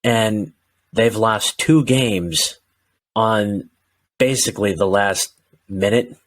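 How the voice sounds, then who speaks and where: A man with a fairly low voice talks football with a co-host in a relaxed podcast chat. He gets animated and slips into mock voices of frustrated fans. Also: slow pace. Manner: animated, acts out fans' rants in quoted voices. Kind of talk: casual sports chat.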